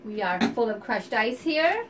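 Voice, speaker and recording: A woman co-hosting a playful cocktail show as the first mate, brisk and keeping the recipe moving. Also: a little high, sing-song, over a noisy crowd. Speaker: co-host playing the first mate.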